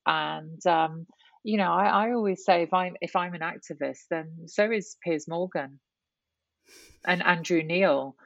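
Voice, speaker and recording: A woman's voice: lowish voice, a little slow, gravelly, no room sound, dull audio. A woman guest talking candidly in an interview, reflective and full of restarts and "you know"s. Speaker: guest, writer and columnist.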